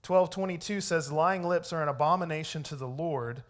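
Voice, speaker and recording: A man's voice: on the high side, normal speed. A young adult man giving a church leadership talk, telling a personal story and reading scripture, with a conversational manner that often checks in with "right?". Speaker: church media arts director teaching leaders.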